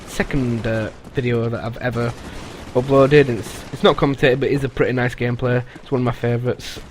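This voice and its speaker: A man giving casual, rambling voice-over commentary on his own gameplay, pausing often with "uh" and restarting sentences. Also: mid-range voice, level tone, background noise. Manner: rambling, halting, with frequent "uh" and restarts. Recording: voice-over with loud game gunfire underneath.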